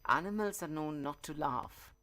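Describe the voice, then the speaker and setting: A man's voice: a little high, moderate pace, pushed and bright. A man from India co-hosting on community radio, adding brief appreciative remarks.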